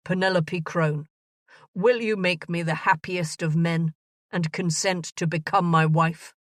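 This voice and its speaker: A woman voicing an earnest, bumbling gentleman of thirty proposing marriage in a romance audiobook. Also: on the low side, fairly even intonation, unhurried, no room sound, clean studio sound, natural voice. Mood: pleading.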